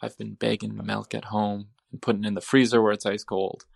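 A man's voice: fairly low pitch, level tone, a little fast, gravelly, dry recording, clean studio sound. A man leaving a joking voicemail for a podcast, building a numbered list up to a punchline. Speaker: voicemail caller.

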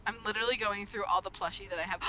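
A young woman hosting a casual group chat over an online call. She talks in an excitable, rambling way and laughs often. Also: medium pitch, slight background noise, low-quality recording.

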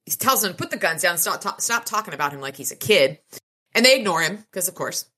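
Animated woman recapping a novel. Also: lowish voice, fast. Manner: animated, profane retelling with laughs. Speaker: podcast co-host. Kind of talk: casual book recap chat.

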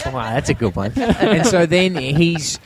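A man's voice: a little high, very animated, unhurried, crowd noise. An Australian man co-hosting a podcast, telling anecdotes in casual chat, laughing often and acting out his friends' lines. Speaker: podcast co-host.

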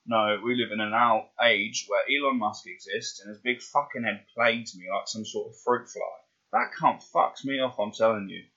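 A man's voice: fairly low pitch, moderate pace, sharp tone, dull audio. A man voice actor ranting between takes, sweary and exasperated.

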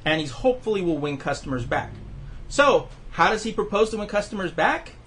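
A man's voice: sits high, lively intonation, brisk, fairly bright tone, slight background noise. A man hosting a casual podcast chat, rambling with lots of fillers and restarts. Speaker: podcast host.

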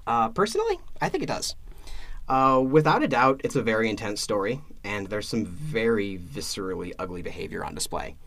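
Halting low-voiced man on a podcast. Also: very animated, a bit bright. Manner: halting, many restarts, laughs at his own retelling. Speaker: podcast co-host. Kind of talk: casual podcast chat.

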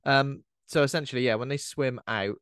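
A man's voice: medium pitch, a little fast, fairly bright tone, clear, resonant tone, no echo, studio quality. A young man co-hosting a podcast, casually recapping a horror film's plot with loose asides. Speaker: podcast co-host. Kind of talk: casual film chat.

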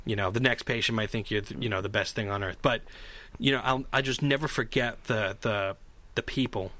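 A man's voice: lowish voice, brisk. A man co-hosting a casual chat, telling stories with energy and acting out other people's voices. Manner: animated storyteller, acts out shouting voices.

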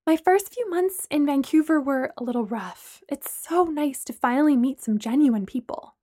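Figure: woman doing a high, earnest young woman. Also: animated, normal speed, mellow, no room sound, studio quality. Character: earnest, cheerful young woman, eager to please.

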